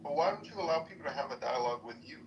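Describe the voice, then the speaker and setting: A man's voice: a little high, lively intonation, rapid-fire, slight background noise. A man in a live-stream debate, persistently arguing that others should be allowed a full dialogue. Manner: persistent, reasoning, pressing for dialogue. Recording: distant, dull lo-fi sound.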